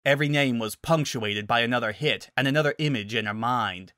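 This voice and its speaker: A man narrating a dramatic story reading in an animated way. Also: mid-range voice, brisk, hardly any pauses, dry recording, clean studio sound.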